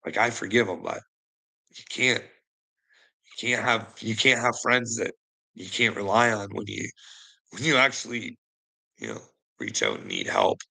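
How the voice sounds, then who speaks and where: Gravelly man, rambling and swearing. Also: fairly low pitch, very animated, a little slow, long pauses, rough recording. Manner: rambling, heavy swearing, frequent "you know what I mean"; trails off quietly at phrase ends. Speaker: vlogger. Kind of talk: casual monologue to camera.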